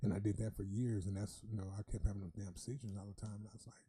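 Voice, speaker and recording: A man co-hosting a podcast in a studio, talking in emotional bursts that get loud when he tells stories. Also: lowish voice, fairly even intonation, quick pace, few pauses, breathy edge, no echo. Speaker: podcast co-host. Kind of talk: casual podcast chat. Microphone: studio mic.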